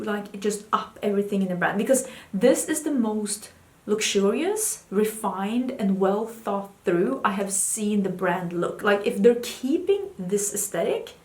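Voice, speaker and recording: A woman beauty vlogger chats candidly about makeup in a mid-pitched voice. The room around her rings with echo. She rambles a little and speaks her mind plainly. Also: animated, a little slow. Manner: chatty, candid, talks to her cat in a high baby voice. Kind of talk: casual chat.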